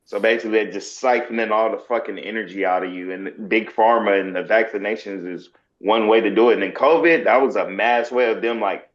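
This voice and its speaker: A man's voice: on the low side, a little fast, hardly any pauses. A young adult man, a podcast guest, ranting heatedly with plenty of swearing. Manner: heated, profane rant. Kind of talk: casual podcast chat. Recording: dull lo-fi sound.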